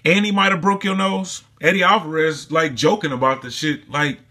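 A man's voice: fairly high pitch, fairly even intonation, moderate pace, bright, forceful tone. A man delivering a heated, profane and mocking commentary rant in a casual vlog, recorded alone indoors. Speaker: sports commentary vlogger.

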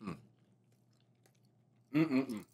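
A young man vlogging casually while eating, telling stories in a slangy, animated way. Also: mid-range voice, drawn-out words, breathy edge. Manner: animated, slangy storytelling, says bro a lot. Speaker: mukbang vlogger.

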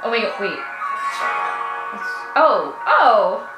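Animated and a little high-pitched, this woman speaks at a moderate pace while a music video plays, gushing over it, giggling, and muttering to herself. The commentary is excitable, recorded in an echoey room with the music audible.

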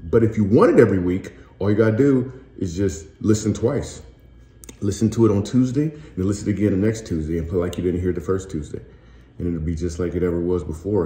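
Deep mellow guy hosting a podcast, joking around, kinda echoey room. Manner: joking, with playful dramatic pauses. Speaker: podcast host. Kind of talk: casual announcement to listeners. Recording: roomy echo.

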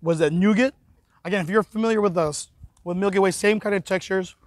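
A man hosts a casual snack review show, upbeat and chatty. His voice sits high. It sounds dry and close. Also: brisk, dry recording. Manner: upbeat, chatty, talks with his mouth full. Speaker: host of a snack review series. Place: arena.

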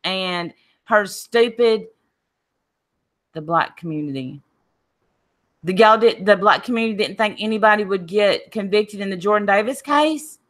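A woman co-hosting a casual chat show, animated and opinionated, acting out quotes as she talks. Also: medium pitch, a little slow, long pauses. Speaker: podcast co-host.

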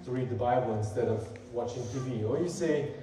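A man's voice: mid-range voice, brisk, warm tone, slight background noise. A male pastor giving a sermon, earnest and conversational, building emphasis as he quotes scripture. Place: church sanctuary. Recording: echoey hall, voice from far off.

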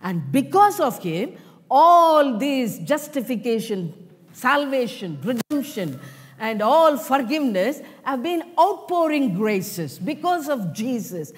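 A woman preaching a sermon in short, deliberate phrases full of rhetorical questions. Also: sits high, sing-song. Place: church. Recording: long reverb of a church hall.

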